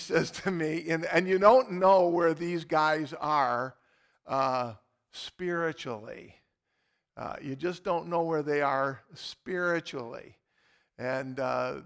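A man's voice: on the high side, vocal fry, a bit bright. A man preaching a sermon, telling anecdotes with emphatic repetition and frequent restarts.

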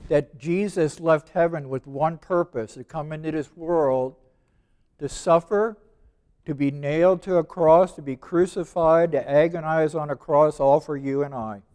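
A man in his seventies preaching a sermon, stressing and repeating key words and slowing down when he reads verses aloud. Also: fairly high pitch, darkish tone, clear, resonant tone. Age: 70s. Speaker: preacher teaching evangelism.

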